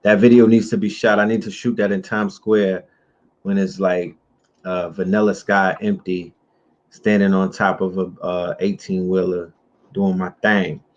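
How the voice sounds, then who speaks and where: A man hosting a livestream talk show, speaking in a slow, drawn-out and emphatic way. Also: low-pitched, level tone. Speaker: host. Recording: dull muffled audio with faint noise.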